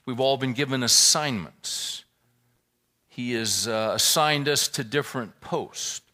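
A man's voice: medium pitch, slow, pushed and bright. A man preaching a sermon, praying and telling a folksy joke in an earnest way. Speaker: pastor.

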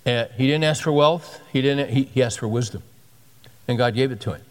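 Emphatic preacher in a big hall. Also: male voice, mid-range voice, fairly quick. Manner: conversational, emphatic preaching with repetitions. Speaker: pastor. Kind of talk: sermon. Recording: long hall reverb.

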